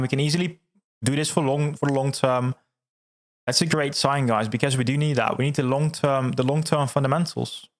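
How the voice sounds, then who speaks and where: A man hosting a livestream, chatting casually and reading out viewer comments, excitable, laughing often and repeating words. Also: mid-range voice. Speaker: livestream host.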